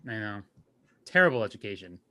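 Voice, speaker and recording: A man's voice: lowish voice, very animated, brisk, bright, forceful tone, smooth. A man co-hosting a podcast in casual chat, joking and rambling, often stopping to correct himself. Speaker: podcast co-host.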